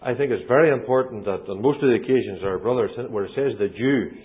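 A man's voice: mid-range voice, quick pace. A man earnestly explaining a point in a Bible study discussion. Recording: tinny phone-line recording.

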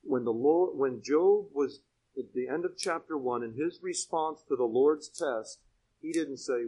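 A man preaching a Bible sermon, telling stories and asking his congregation questions, and swinging from hushed asides to loud, emphatic points. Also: medium pitch, a little slow, breathy edge, low-quality recording. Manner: conversational storytelling with direct questions to the congregation. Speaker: pastor. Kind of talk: expository sermon.

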